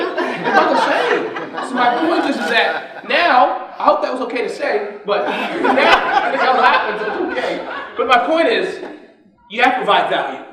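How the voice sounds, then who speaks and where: Guy pumping up a conference crowd, lots of "right?", big echoey hall, mic kinda far. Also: extremely high pitch. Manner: energetic, keeps quizzing the audience. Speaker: conference speaker. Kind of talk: motivational business talk.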